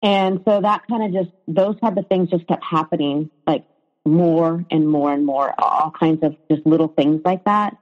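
A woman's voice: low-pitched, normal speed. A woman telling her own story in a conversation, hesitant, with frequent fillers and restarts. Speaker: guest sharing her story. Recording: reverberant, dull lo-fi sound.

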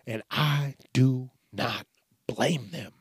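A man's voice: mid-range voice, drawn-out words, slightly rough, no room sound, studio quality. A man hosting a podcast, ranting crudely with constant swearing and mock voices for the people he quotes. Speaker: podcast host. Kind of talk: profane comedic rant.

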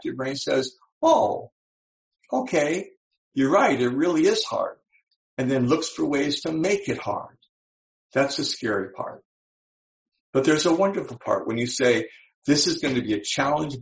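Older man, gravelly voice, roomy echo, motivational speaker, storytelling delivery, slows for emphasis. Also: medium pitch, lively intonation. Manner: storytelling, slows down to stress key points. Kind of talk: motivational talk.

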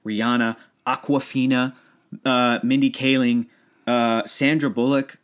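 A man in his thirties talking about movies in a casual chat, rambling and animated, often laughing. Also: medium pitch, a little slow, clear, resonant tone.

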